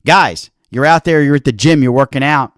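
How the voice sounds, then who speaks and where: A man's voice: medium pitch, normal speed, no echo, studio quality. A man hosting a health talk show, giving an earnest motivational talk and acting out little quoted exchanges.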